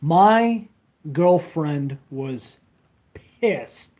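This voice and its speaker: A man's voice: a little high, expressive, drawn-out words, a little mellow. A young man rambling casually on a phone livestream, crude and full of fillers while he reads comments. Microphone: handheld phone.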